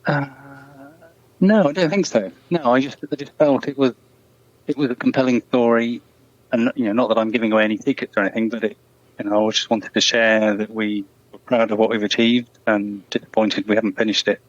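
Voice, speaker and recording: A man answering interview questions in a measured, thoughtful way, with frequent restarts. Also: mid-range voice, steady tone, no room sound, muffled recording. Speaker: guest, former truck company employee.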